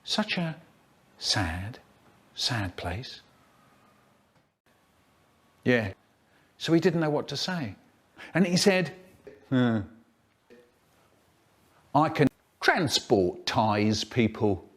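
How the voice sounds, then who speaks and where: A man telling a children's story in a spliced comic edit, with drawn-out words and sudden squeaky jumps in pitch. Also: very animated, slightly rough.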